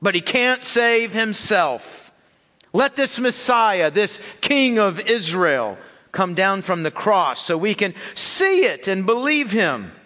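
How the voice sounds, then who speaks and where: A man's voice: high voice, big pitch swings, slow, pushed and bright, heavily acted. A man voicing a jeering male mocker with a taunting, sneering delivery, in a reverberant hall. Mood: mocking.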